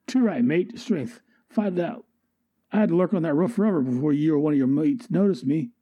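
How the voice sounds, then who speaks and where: A man's voice: fairly high pitch, brisk, dark tone, no room sound, highs cut off, lightly acted. A man voicing a cheeky, wisecracking male crook while reading a comic aloud. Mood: cocky. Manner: brash, cheeky, mocking.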